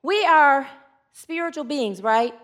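A woman preaching a sermon in a lively, conversational way, telling a comic story. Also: high-pitched, slow pace.

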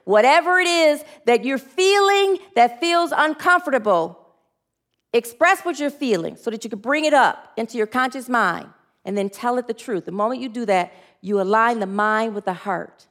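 Woman spiritual teacher with a somewhat high voice, earnest sermon delivery and call-and-response affirmations. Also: animated, normal speed, fairly bright tone.

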